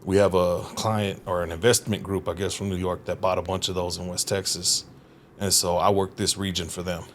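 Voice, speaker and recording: Lower pitched guy on a podcast, cussing, cracking himself up telling work stories, faint noise behind. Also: brisk. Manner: profane, animated, laughs often, acts out quotes. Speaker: guest comedian. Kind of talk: casual storytelling chat. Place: podcast studio.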